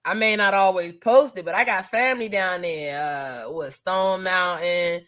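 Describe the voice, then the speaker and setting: A woman's voice: fairly low pitch, a little slow, noisy background. A woman firearms instructor chatting casually in an interview, laughing often and talking in a loose, colloquial way. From Maryland area.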